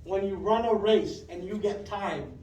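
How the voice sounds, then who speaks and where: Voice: medium pitch, unhurried, a little mellow. A classroom teacher runs a math lesson, repeating each question patiently and praising pupils by name. The voice sounds distant and bounces around a roomy classroom, with a faint noise underneath. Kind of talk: fifth-grade math lesson.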